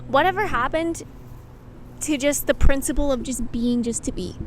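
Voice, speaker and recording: High-voiced young woman rambling candidly. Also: normal speed, a little hiss or hum. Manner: rambling and candid, heavy use of "like", casual swearing. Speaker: YouTube creator. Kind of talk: reflective casual monologue to camera.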